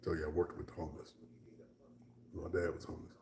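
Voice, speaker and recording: A very deep-voiced man rambles through a casual livestream chat, answering his viewers by name. He slips into a whisper for asides, and his voice rings in a roomy, echoey space. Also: level tone, fast, warm tone. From Texas. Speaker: livestream host.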